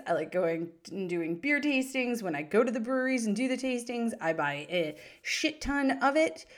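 A woman in her thirties hosting a podcast, telling stories in a chatty, animated way. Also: a little high. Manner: chatty, animated, acts out quoted voices. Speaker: podcast host. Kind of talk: casual storytelling chat.

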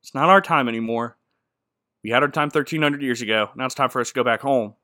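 A man voicing a resigned young king who talks in casual slang, a bit lower than his own voice. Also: quick pace, sharp tone, no room sound, clean studio sound, lightly acted. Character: resigned young male high king, sulky.

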